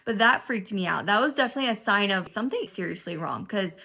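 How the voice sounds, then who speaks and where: A young woman telling an animated storytime on her family vlog, acting out the voices of the people in her story. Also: mid-range voice, fast talker, vocal fry. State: in shock after diagnosis. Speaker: family vlogger.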